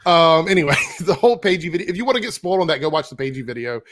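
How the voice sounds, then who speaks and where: A man's voice: a little high, big pitch swings, racing, a bit bright, no room sound. A man co-hosting a casual live stream, laughing often and reading viewer messages aloud. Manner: laughs often, reads super chats aloud. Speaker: co-host of a fan show.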